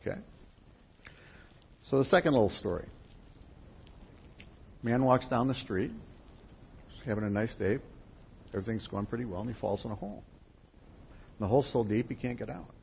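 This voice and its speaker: At a spiritual gathering, a man with a medium-pitched voice speaks at a moderate pace, with vocal fry and long pauses. A folksy storyteller, he tells parables in a sermon and talks straight to his group, on dull, lo-fi audio with faint background noise.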